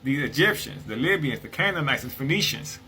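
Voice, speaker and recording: A man's voice: mid-range voice, animated, a little fast, pushed and bright, a little hiss or hum, poor audio. A man reading passages from an old book and explaining them in a casual, conversational way, often checking in with "right?". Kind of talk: casual explanatory talk with read-aloud quotes.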